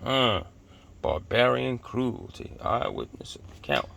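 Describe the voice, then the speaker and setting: A man's voice: mid-range voice, sing-song, takes it slowly, creaky, background noise. A man vlogging from his car, preaching bluntly and cursing as he talks to his viewers. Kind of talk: casual religious rant to viewers.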